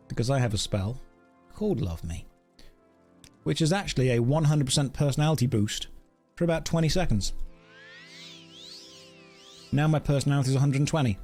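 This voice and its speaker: A man's voice: medium pitch, a little mellow. A man streaming a video game, chatting playfully with viewers in casual commentary.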